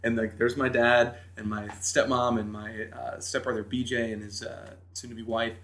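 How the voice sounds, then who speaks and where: A man's voice: medium pitch, normal speed, vocal fry. A man from New Hampshire, a podcast guest, telling a story in casual chat and acting out quotes. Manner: animated storyteller, acts out quotes.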